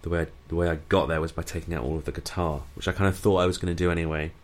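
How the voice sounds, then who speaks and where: A young male musician from Brighton with a very deep, low voice. He answers in a measured, understated way with dry humor. His delivery is calm and matter-of-fact. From Brighton, England. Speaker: musician guest. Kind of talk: casual interview chat.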